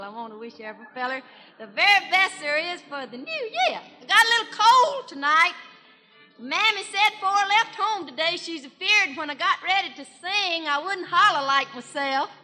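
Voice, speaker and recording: Minnie Pearl, shrill country gossip. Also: female voice, sharp tone, full character voice. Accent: Southern US, rural Tennessee. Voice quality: shrill, hollering country twang. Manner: rambling folksy storytelling with giggles. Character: chatty young country gossip gal, excitable. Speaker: comedian. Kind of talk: 1940s radio comedy monologue. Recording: 1940s radio broadcast, long hall reverb.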